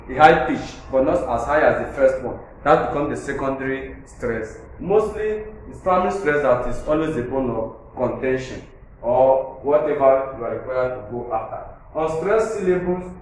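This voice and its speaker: A man teaching a lesson, repeating his points and spelling words out letter by letter. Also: on the high side. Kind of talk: classroom lesson on syllable stress. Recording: very echoey room with faint background noise.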